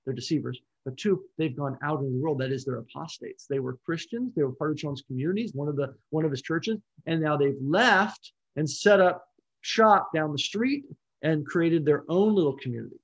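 A man's voice: fairly high pitch, expressive, normal speed, breathy edge, highs cut off. A man teaching a Bible study lecture, explaining in a conversational, unscripted way with restarts and asides.

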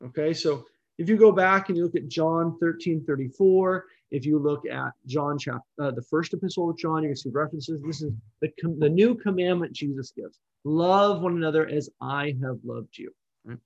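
A man's voice: fairly high pitch, moderate pace, lo-fi sound. A man teaching a Bible study lecture, explaining in a conversational, unscripted way with restarts and asides.

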